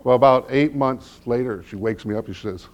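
A middle-aged male pastor preaching a sermon with humorous stories, dropping to hushed low lines and rising to loud emphatic peaks. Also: fairly quick. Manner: humorous storytelling.

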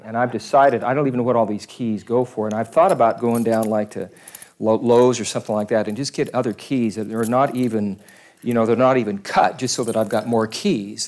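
A man's voice: lowish voice, darkish tone. A man giving a casual, conversational sermon as a pastor, rambling with self-deprecating asides.

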